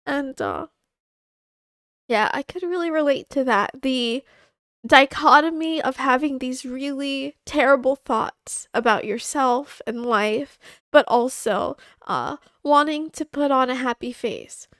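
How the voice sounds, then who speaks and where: High-voiced woman streamer, halting and candid. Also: a bit bright, dry recording, clean studio sound. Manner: halting, with many fillers and restarts; candid and confiding. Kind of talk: casual livestream chat.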